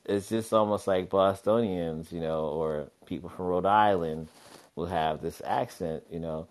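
A man co-hosting a podcast in casual chat, animated and laughing often, slipping into playful voices. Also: deep voice, a little slow. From Philadelphia. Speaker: podcast co-host.

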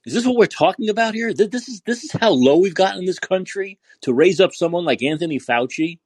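A man hosting a podcast, delivering an angry, profane political rant full of repeated rhetorical questions and yelling. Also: high voice, lively intonation, fast, no echo. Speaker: podcast host.

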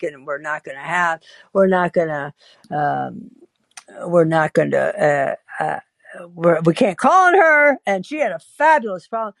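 A woman's voice: mid-range voice, no room sound. A woman podcast host telling a story and chatting in a wry, self-interrupting way. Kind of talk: storytelling and call-in chat.

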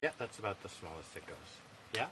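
A man hosting a casual interview podcast, talking gently and patiently with his small child. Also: deep voice, big pitch swings, a little fast, a crowd in the background. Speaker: podcast host and father.

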